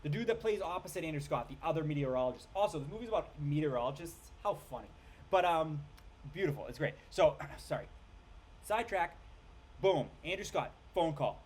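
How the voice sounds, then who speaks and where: A man ranting casually about a film, rambling, swearing and tripping over names as he gets excited. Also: on the high side, brisk, husky. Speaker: film reviewer. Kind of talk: casual rant review.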